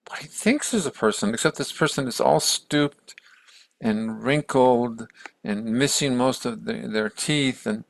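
Man, casual storyteller, conversational with restarts, gravelly voice, mid pitch. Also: measured pace. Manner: conversational, many restarts, acts out quotes. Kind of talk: casual spoken retelling of a story.

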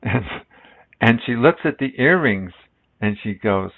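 A middle-aged man giving a relaxed spiritual talk as a meditation teacher, rambling and reflective with many restarts, heard on lo-fi phone-like audio. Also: medium pitch, moderate pace, vocal fry.

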